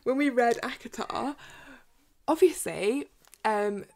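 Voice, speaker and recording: A woman with an English accent co-hosting a podcast in casual chat, animated and giggly, with many "like" fillers. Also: a little high, slow, over a noisy crowd. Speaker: podcast co-host.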